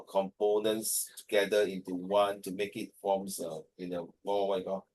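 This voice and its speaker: A man's voice: on the low side, darkish tone, poor audio. Man teaching on a video call, tired, rambly and hesitant, switches into mandarin here and there. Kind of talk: online class discussion.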